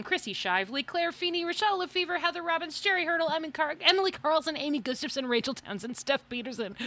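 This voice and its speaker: A woman's voice: high voice, sharp tone. A woman hosting a podcast, chatting casually and laughing as she makes announcements and reads out thank-yous. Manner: chatty, laughing, self-deprecating. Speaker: podcast host.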